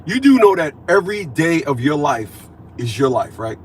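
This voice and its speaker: A man in his fifties delivering a profane, preachy ranting monologue, repeating himself and swinging between loud declarations and low mutters. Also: big pitch swings, normal speed, a little hiss or hum. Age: 50s. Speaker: vlogger.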